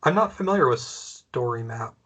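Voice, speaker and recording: A man presenting an online training on a video call, relaxed and friendly, losing his voice. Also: medium pitch, moderate pace.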